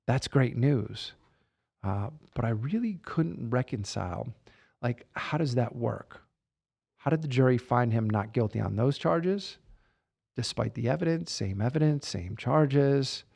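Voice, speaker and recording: A man's voice: mid-range voice, creaky, a little mellow. A man telling a candid personal story in a reflective way. He repeats phrases for emphasis and often says "you know" and "like.". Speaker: guest sharing personal story.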